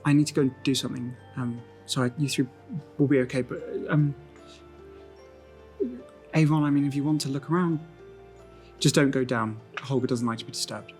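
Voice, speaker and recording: A man's voice: medium pitch, steady tone, fairly quick, pauses often, a little mellow, soft background music, close to an everyday voice. A man doing a fussy, motherly theatre woman. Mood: fussing.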